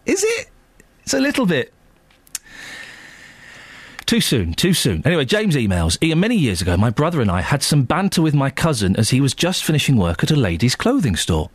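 A man hosting a radio show, chatting casually and reading listener emails aloud in a jokey, animated way. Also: mid-range voice, brisk, no room sound. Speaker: radio host.

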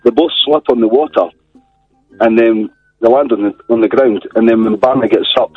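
A Scottish man rings in to a radio show and tells a story in a chatty, rambling way, full of wee's and aye's. His voice is husky, and it comes through a thin, tinny phone line with a dry sound. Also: medium pitch, steady tone, normal speed, no echo, faint music behind. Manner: chatty storyteller, uses "wee" and "aye". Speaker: caller. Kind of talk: phone-in chat.

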